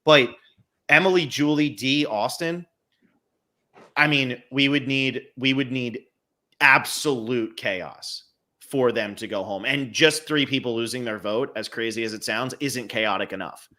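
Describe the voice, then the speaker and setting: A man's voice: mid-range voice, a little slow, pushed and bright. A man co-hosting a casual podcast, analytically talking through scenarios step by step. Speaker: podcast co-host.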